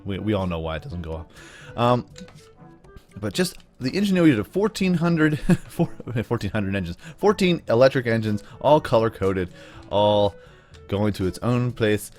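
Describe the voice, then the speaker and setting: A man hosts a gaming video, chatting loosely and enthusiastically as he shows off a build. His voice sits at an ordinary middle pitch, and faint game music plays under him. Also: sing-song, moderate pace, darkish tone. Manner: rambling, jokey, enthusiastic. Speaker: gaming YouTuber. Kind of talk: let's play commentary.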